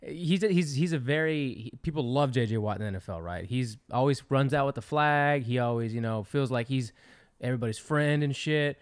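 This man co-hosts a podcast, chatting casually in a rambling way and often starting his sentences over. His voice is medium-pitched and clean, and he talks a little fast.

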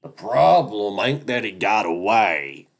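A shrill, grating weasel thug from a read-aloud story, hot-tempered and foul-mouthed. The nasal voice sits far above the reader's deep tone and stays loud and screeching. Every line comes out as a curse-laden yell. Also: male voice, very animated, slow, vocal fry, heavily acted. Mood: snarling. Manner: yelling and cursing. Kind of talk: audiobook-style story reading.

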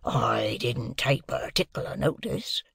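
A man reading an audiobook voices a rough old male convict who speaks in a low, guarded, rustic way. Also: slow pace, no echo, clean studio sound, heavily acted. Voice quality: hushed, coarse, old-fashioned rustic speech.

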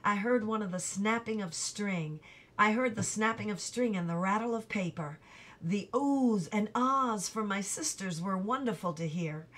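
A woman reading a chapter of a novel aloud in an even, unhurried storytelling manner. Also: medium pitch. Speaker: audiobook reader.

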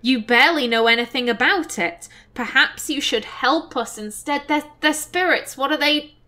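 A woman hosting a let's play, chatting casually and thinking out loud as she plays. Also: high voice, moderate pace. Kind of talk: casual gameplay commentary.

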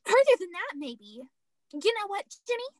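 A woman playing an excited young girl, eager and gushing, in a high school stage play. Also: normal speed, no echo.

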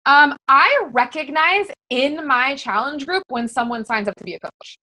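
A woman's voice: sits high, lively intonation, normal speed, pushed and bright, no echo, rough recording. A woman coaching fellow fitness coaches in a casual, very conversational way, full of fillers. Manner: very conversational, chatty with many fillers.

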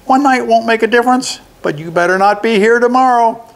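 An older man voicing a tiny, squeaky male goblin in a storybook reading. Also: fairly quick. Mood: fearful.

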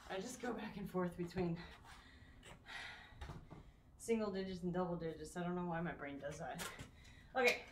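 A woman's voice: lowish voice, fairly even intonation, moderate pace, pauses often, background noise. A woman chatting with her live-stream viewers while working out, counting reps and catching her breath. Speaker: fitness streamer. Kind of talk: live-streamed workout chat. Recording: roomy sound, mic at a distance.

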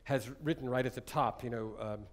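A man's voice: mid-range voice, a little fast. A man giving a conversational, jokey music lecture, often digressing as he explains a piece. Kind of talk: lecture-demonstration on chamber music.

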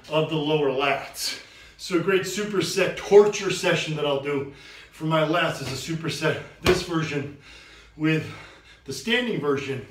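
A man coaching a workout tip, energetic and instructive, out of breath from training. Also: on the high side, echoey room, far from the mic, slight background noise, rough recording. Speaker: fitness coach. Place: gym.

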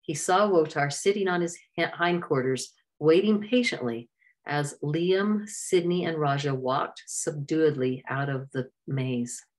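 Low-voiced woman reading a storybook. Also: unhurried. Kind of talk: storybook narration.

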